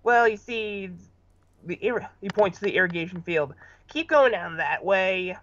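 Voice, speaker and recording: A man's voice: high-pitched, lively intonation, a little slow, a bit bright, lo-fi sound, a little hiss or hum. A man playing a tabletop game, talking casually and a bit hesitantly. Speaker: player. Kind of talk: tabletop role-play, casual.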